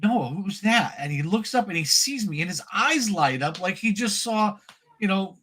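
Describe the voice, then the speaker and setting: A man with a bright, forward voice and a slightly raised pitch, excitedly telling a long story on a casual hobby podcast. He stumbles over his words and gets worked up as he talks. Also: moderate pace, slightly rough. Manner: animated, excitable storyteller with many restarts. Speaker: podcast co-host.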